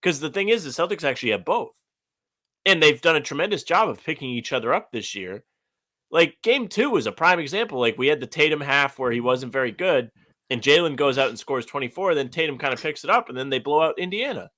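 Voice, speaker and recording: A man's voice: fairly high pitch, animated, fairly quick, pushed and bright. A young man co-hosting a podcast, chatting loosely with lots of "like" and restarts. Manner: loose, filler-heavy, lots of "like". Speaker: podcast co-host. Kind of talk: casual chat.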